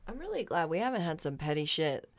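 A woman's voice: deep voice, sing-song, fast. A woman co-hosting a podcast, chiming in with joking, supportive banter. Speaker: podcast co-host. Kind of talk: casual chat.

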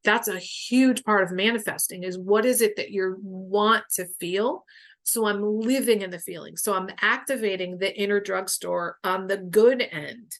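Middle-aged woman, podcast guest coach, candid chatty storyteller, swears a lot, says like constantly, mid pitch. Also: moderate pace. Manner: candid and expressive, swears freely, lots of "like". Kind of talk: casual conversational storytelling.

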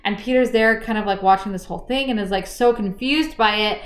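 A woman casually recapping a novel in a chat, animated and quick to act out what characters said. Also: mid-range voice, roomy sound. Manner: chatty, animated retelling with acted-out quotes and laughs. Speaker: book podcast co-host.

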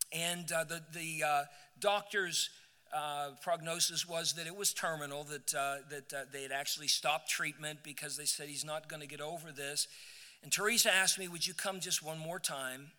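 Bright-voiced preacher in a church hall. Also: male voice, on the high side. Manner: storytelling preacher, repeats words, builds to emphatic peaks. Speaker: pastor. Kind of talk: sermon. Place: church sanctuary. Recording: church hall with long reverb.

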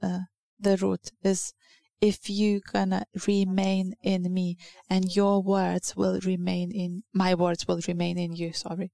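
Woman preaching, slow and gravelly, dry close sound, earnest and halting. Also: fairly low pitch, little pitch movement, warm tone, no echo. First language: Lithuanian. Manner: earnest, halting, searching for English words. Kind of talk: sermon.

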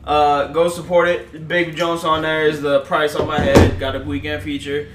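A man's voice: fairly high pitch, level tone, moderate pace, recorded from a distance, background noise. A man co-hosting a casual podcast, a few drinks in and talking loosely in slang. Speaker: podcast co-host. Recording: echoey room, off-mic.

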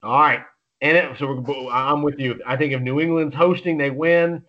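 A man co-hosting a sports podcast, chatting casually about picks in an excitable, rambling way with lots of restarts. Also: medium pitch, normal speed, dull audio. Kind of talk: casual sports betting chat.

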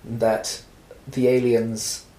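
A man's voice: medium pitch, level tone, very slow, mellow, echoey room, low-quality recording. A man co-hosting a casual film podcast, recapping the plot and teasing and correcting his co-host.

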